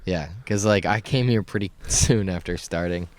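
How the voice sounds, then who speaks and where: A man's voice: low-pitched, moderate pace. A man from North Carolina, a comedian, chatting casually on a podcast with brief, dry, wry remarks. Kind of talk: casual chat.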